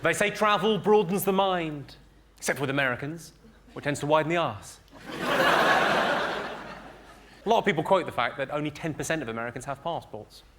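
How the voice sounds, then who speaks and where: A man with a posh southern English accent doing stand-up one-liners in a clipped, deadpan delivery, recorded live at a comedy show. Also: fairly high pitch, fairly quick, pauses often, background noise. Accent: English, southern received pronunciation. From England, home counties. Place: live comedy venue with audience. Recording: live show recording with loud audience laughter.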